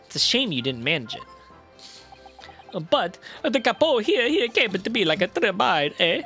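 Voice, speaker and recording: A flamboyant Italian man talks in big looping swings of pitch, as a man puts him on. The put-on Italian accent is thick and the delivery singsong and over the top, with faint music behind. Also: big pitch swings, moderate pace, bright, forceful tone, full character voice. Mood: theatrical. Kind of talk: reading game dialogue with voices.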